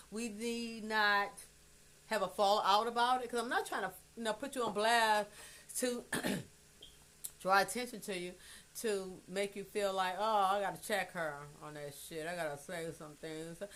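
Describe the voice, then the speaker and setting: Blunt rambling woman livestreaming. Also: on the high side. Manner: rambling, blunt, swears freely, swings between soft and loud. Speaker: livestreamer addressing her adult son. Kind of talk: emotional livestream monologue. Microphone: phone livestream.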